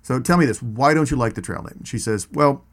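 A man's voice: mid-range voice, a little fast. A man telling personal hiking stories in a casual, rambling way, full of asides and restarts. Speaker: storyteller. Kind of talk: casual spoken storytelling.

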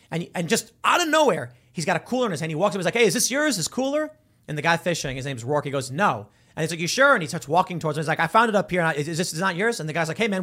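A man hosting a casual commentary monologue, telling stories and acting out the people in them. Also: a little high. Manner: animated storytelling, acts out quoted voices. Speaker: political commentary host.

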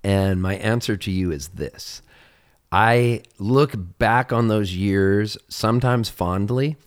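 A man with a fairly low voice talks casually as a guest, spinning stories about his life. He throws in other people's lines in a high, loud voice, then sinks low and soft when things turn serious. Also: slow, clear, resonant tone. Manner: storytelling, acts out other people's lines in a raised voice; drops low and quiet on serious moments. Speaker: singer-songwriter guest. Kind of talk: casual conversation.

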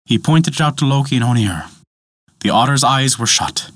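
A male storyteller narrating an old myth with dramatic flair. His pitch moves a lot, and the recording is dry with no room sound. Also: animated, moderate pace, a bit bright, no echo.

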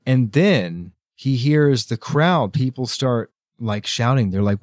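A man hosting a podcast, retelling a story with quick, lively character voices in a casual book-club chat. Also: medium pitch, no echo, studio quality. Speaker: podcast host.

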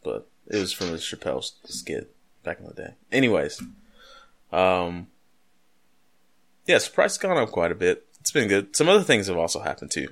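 A man's voice: deep voice, sing-song, moderate pace, creaky, pauses often, a bit bright. A man co-hosting a podcast, talking casually and rambling into jokes and pop-culture asides. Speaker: podcast co-host. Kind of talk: casual chat.

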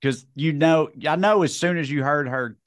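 A man's voice: on the high side, normal speed, no echo, clean studio sound. A man co-hosting a podcast, rambling with many fillers and teasing questions. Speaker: podcast co-host. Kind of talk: casual comedic chat.

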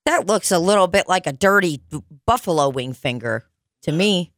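At a normal pace, a podcast host tells stories in loose, profanity-laced conversation, recorded dry with clean studio sound. She's lively and imitates customers using high, squeaky voices.

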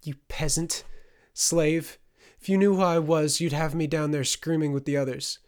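A man's voice: mid-range voice, steady tone, moderate pace, close to an everyday voice. Fay, a man voicing a scornful young woman. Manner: scornful, raised and strained. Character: young noblewoman, bitter, vengeful, afraid. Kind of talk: audiobook character reading.

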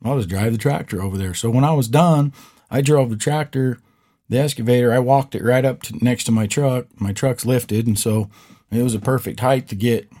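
Man, podcast co-host, husky, mellow, low voice, lively storytelling with acted-out quotes. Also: moderate pace. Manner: animated storyteller, acts out quotes. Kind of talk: casual storytelling chat.

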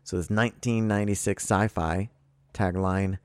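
A man co-hosting a podcast, running a movie quiz and teasing his friend with profane banter, reading clues out slowly. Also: lowish voice, vocal fry, dry recording. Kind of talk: casual banter.

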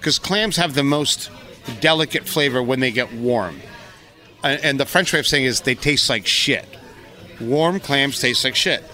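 A man's voice: medium pitch, measured pace, bright, forceful tone, soft background music. A man co-hosting a podcast, talking in a brash, profane, teasing way. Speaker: podcast co-host. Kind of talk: casual chat.

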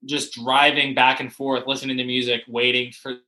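Animated young man with a bright voice. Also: mid-range voice, moderate pace, low-quality recording. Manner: animated, swearing, many "like" fillers, acts out quotes. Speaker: rugby player, guest. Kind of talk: casual storytelling chat.

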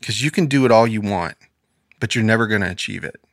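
A man's voice: fairly low pitch, quick pace, vocal fry, no room sound, clean studio sound. A man co-hosting a casual faith podcast, talking earnestly and quoting scripture in a preacherly way. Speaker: podcast co-host. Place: podcast studio.

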